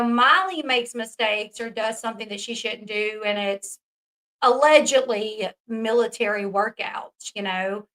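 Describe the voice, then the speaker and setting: A woman's voice: fairly high pitch, fairly bright tone, low-quality recording. A woman from the South, hosting a casual commentary video, chatty and emphatic, swearing freely. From American South. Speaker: commentary channel host.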